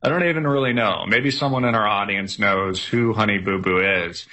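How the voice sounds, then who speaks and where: A man's voice: on the low side, moderate pace, bright, forceful tone. A man hosting a casual news commentary show, reading headlines aloud with many fillers and sarcastic asides.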